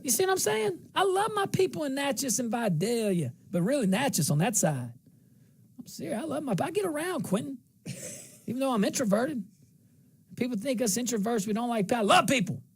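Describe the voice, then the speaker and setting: A man's voice: extremely high pitch, very animated, brisk, vocal fry, husky. A middle-aged man from central Louisiana with a slight twang, hosting a talk show in a folksy, rambling monologue that repeats phrases for emphasis.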